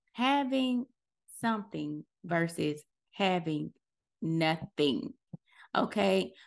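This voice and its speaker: A woman's voice: mid-range voice, vocal fry. A woman hosting a podcast, giving a casual motivational talk and chatting loosely to listeners as "y'all". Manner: loose, conversational, self-correcting. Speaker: podcast host.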